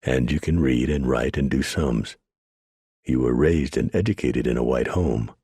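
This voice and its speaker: A man's voice: extremely low pitch, a little slow, dark tone, slightly rough, no echo, studio quality, voice pushed down, heavily acted. A man voicing a prim, exasperated missionary who talks in a proper, lecturing way. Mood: scolding.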